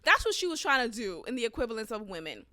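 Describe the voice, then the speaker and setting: A woman hosting a podcast, telling a story in a casual, animated and profane rant. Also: fairly high pitch, quick pace, no room sound, studio quality. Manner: animated, profane, emphatic ranting. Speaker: podcast host.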